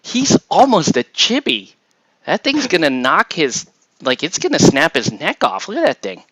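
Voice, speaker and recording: A man's voice: on the high side, wildly swooping pitch, normal speed, bright, forceful tone, dry recording, low-quality recording. A man hosting a casual chat while assembling miniatures, rambling and chuckling as he trails off and restarts. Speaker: host.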